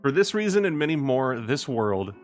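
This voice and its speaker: Courtly, gentle minstrel read by a man, lively ornate delivery, soft game music underneath. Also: mid-range voice, normal speed, natural voice. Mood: reflective. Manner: reads ornate in-game dialogue aloud.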